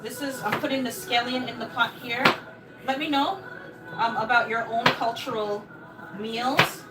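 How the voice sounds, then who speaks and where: Woman from Jamaica, American accent, fairly high voice, encouraging live-stream chat from a home kitchen, music playing behind. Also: steady tone, a little slow, rough recording. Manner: encouraging, greets viewers by name. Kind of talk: casual live-stream chat while cooking.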